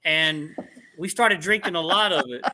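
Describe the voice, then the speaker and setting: A middle-aged man with a high, very bright voice, telling stories in a casual chat. He talks animatedly, putting on voices for the people in his tale and laughing along. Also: moderate pace.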